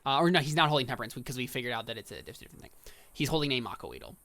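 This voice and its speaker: Gravelly man narrating as game master. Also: mid-range voice, very animated, very fast, bright, forceful tone, dry recording. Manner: casual, rambling with fillers and asides.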